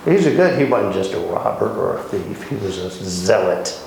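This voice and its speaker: A man's voice: low voice, big pitch swings, normal speed, creaky. A man teaching a Bible study lesson in a conversational, storytelling manner in a church. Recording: very echoey room with noise.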